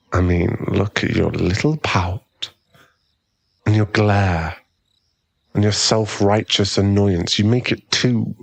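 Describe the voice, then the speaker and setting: A man's voice: low-pitched, creaky, husky, dry recording, heavily acted. A young man playing a cocky, smug rival in an ASMR boyfriend role-play, taunting and chuckling as he talks. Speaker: ASMR roleplay performer.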